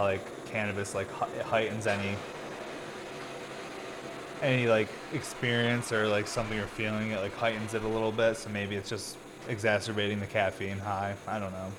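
A worn-out man talks in a loose, rambling way, his voice sitting a little low. He swears freely and sounds tired, like he has barely slept. A faint hiss hangs behind him. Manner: laid-back, rambling, swears a lot. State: tired, yawning. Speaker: vlogger. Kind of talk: casual rambling monologue. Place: indoor workshop or studio.

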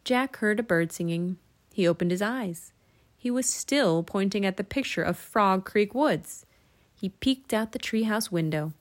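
A woman narrating a children's storybook in an expressive, lilting way. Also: mid-range voice, a little slow. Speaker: audiobook narrator.

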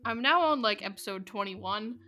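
A woman co-hosting a casual podcast chat, animated and swearing casually, laughing often. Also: medium pitch, moderate pace, soft background music. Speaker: podcast co-host.

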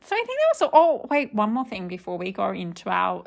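Podcast co-host, woman, gravelly edge, gossipy casual chat with a mid-range voice. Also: mid-range voice, wildly swooping pitch, fairly quick. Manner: chatty, gossipy, trailing restarts.

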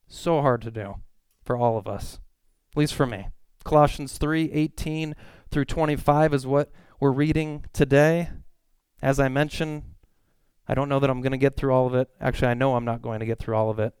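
Smooth-voiced man preaching casually. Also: mid-range voice, a little fast, darkish tone, no room sound. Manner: conversational storytelling with quoted voices. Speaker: pastor. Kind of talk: sermon.

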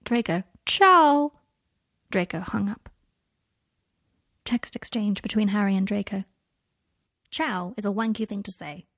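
Woman reading a fanfic out loud, kinda husky, dry close sound, does all the parts herself. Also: medium pitch, fairly even intonation, measured pace, pauses often, no echo. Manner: reads both characters' dialogue and texts in one voice. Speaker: fan fiction audiobook reader. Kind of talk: scripted narration.

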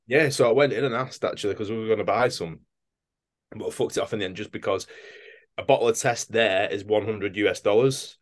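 A young man with a fairly low voice, chatting loosely as a podcast co-host. He tells stories with a lot of swearing and acts out other people's lines. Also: a little fast. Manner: swears freely, storytelling with mimicked voices. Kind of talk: casual chat.

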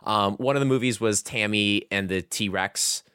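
Man, casual game chat host, lowish voice, rambling, lots of fillers, dry close sound. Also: measured pace, pushed and bright, clear, resonant tone, dry recording. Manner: rambling, heavy use of "like" and "um". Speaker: podcast host reviewing a video game.

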